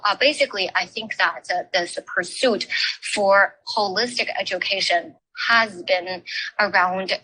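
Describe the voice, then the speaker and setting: A woman giving an academic talk at a forum, speaking haltingly with many filler pauses. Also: medium pitch, pushed and bright, a little hiss or hum, poor audio. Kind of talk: academic talk on education history.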